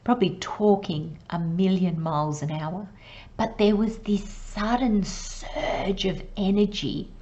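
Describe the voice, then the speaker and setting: A woman giving a casual tarot reading, excitable and rambling, with frequent laughs and soft asides. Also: mid-range voice, slow, highs cut off. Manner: excitable, rambling, laughs often, sometimes drops to a whisper. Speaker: tarot reader.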